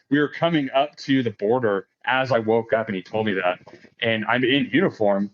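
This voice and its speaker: A man's voice: mid-range voice, moderate pace. A man in his late thirties, a podcast guest, telling a story in a casual, profane way, laughing often and acting out quoted lines in a raised voice. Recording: dull lo-fi podcast audio.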